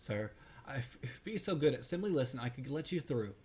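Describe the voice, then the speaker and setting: A man's voice: mid-range voice, sing-song, fairly quick, a little mellow, close to an everyday voice. A man reading out the lines of a stuffy, formal male game character in a prim, long-winded way.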